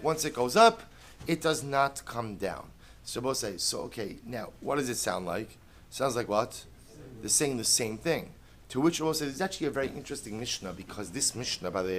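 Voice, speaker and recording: A man's voice: medium pitch, a bit bright. Middle-aged male rabbi, Talmud class, repeats points, answers his own questions. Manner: explains step by step, repeats key phrases, asks and answers his own questions; mixes in Hebrew and Aramaic terms.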